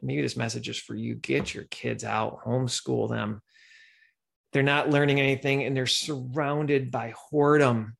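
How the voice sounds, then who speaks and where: A middle-aged man hosting a podcast, telling stories and dreams in an earnest, animated monologue with voiced quotes. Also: medium pitch, creaky. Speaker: podcast host sharing dreams. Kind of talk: casual monologue.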